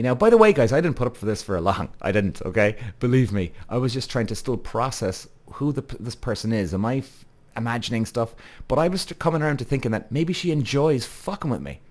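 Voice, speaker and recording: A man in his thirties tells a story on his own podcast in a loose, conversational monologue. He is blunt and swears freely. He keeps turning to the listeners with direct asides. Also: mid-range voice. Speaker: podcast host.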